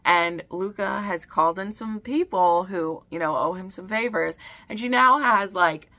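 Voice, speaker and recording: A woman recapping a romance novel in a casual, rambling way, full of "like" and quick asides. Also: mid-range voice, sharp tone. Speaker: book reviewer. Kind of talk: casual book recap chat.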